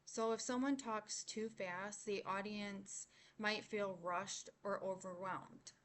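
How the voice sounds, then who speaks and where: A young woman giving a class presentation, explaining points in a measured way and slowing on key words. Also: mid-range voice, steady tone, a bit bright, a little hiss or hum. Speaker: student presenter.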